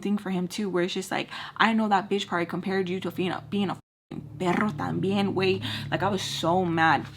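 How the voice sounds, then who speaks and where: A woman's voice: medium pitch, steady tone, a little fast, slight background noise. A young woman vlogger chatting to her viewers, casual and blunt, with free swearing. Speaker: storytime vlogger. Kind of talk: casual storytime while doing makeup.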